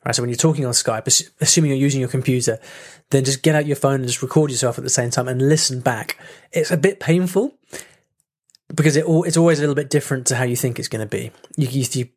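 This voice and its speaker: A man speaking as a language coach in a casual teaching talk, lively, saying sounds aloud to demonstrate them and often restarting his phrases. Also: medium pitch, fast talker. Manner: restarts and repeats words often.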